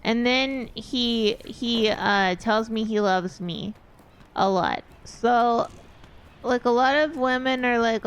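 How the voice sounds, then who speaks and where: A woman's voice: on the high side, slow pace, clean tone. A woman streamer chatting casually and candidly, rambling a little and swearing offhandedly.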